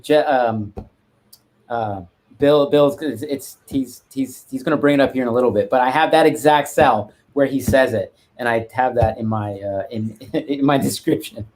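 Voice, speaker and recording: A man's voice: mid-range voice, normal speed, a little mellow. Rambling man chatting about his collection. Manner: rambling, many restarts and asides. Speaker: guest art collector. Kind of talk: casual live-stream chat.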